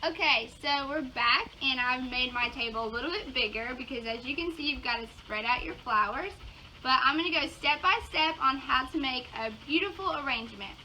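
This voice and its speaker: High-voiced Southern woman teaching flowers. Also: brisk, bright, forceful tone. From Georgia. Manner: bubbly, enthusiastic, exclaims often. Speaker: floral design instructor. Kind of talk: casual video lesson. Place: outdoors in yards, then indoors at a table. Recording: dull lo-fi sound with outdoor noise.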